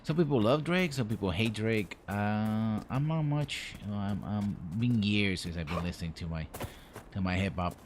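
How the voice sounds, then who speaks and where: A man with a somewhat low voice talks his way through a game on a live stream, thinking out loud and tossing off puns. His commentary is loose and rambling. A steady wash of background noise sits under the voice. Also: normal speed. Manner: rambling, jokey self-talk with puns.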